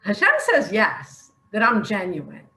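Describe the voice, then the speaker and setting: An older woman talks from the heart in a personal video, emotional and earnest, often breaking into laughter. Her pitch swings widely while her pace stays slow and drawn out. The room around her is echoey. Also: huge pitch swings, bright, forceful tone. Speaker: online religious speaker.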